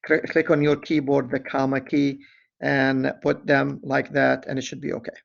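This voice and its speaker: Over a muffled recording, a medium-pitched man with a creaky, flat delivery teaches a statistics lesson by screen recording. Reading the problem aloud, he moves deliberately and catches his own mistakes in asides.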